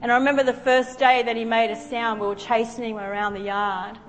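A woman's voice: fairly high pitch, flat delivery, a little fast. A woman preacher delivering a sermon in a church, telling a personal story in an earnest, emotional way. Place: church sanctuary. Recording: long hall reverb with faint music.

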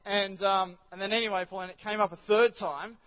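A man's voice: sits high, steady tone, brisk, dull audio. A male pastor preaching a chatty sermon in church, rambling with many restarts and asides to the congregation.

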